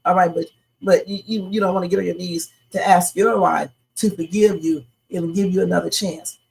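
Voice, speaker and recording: Woman host, live reaction stream, opinionated and chatty, gravelly edge. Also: on the low side, steady tone, normal speed, darkish tone, rough recording. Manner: chatty, opinionated, talks to viewers as y'all. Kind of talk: casual live reaction commentary.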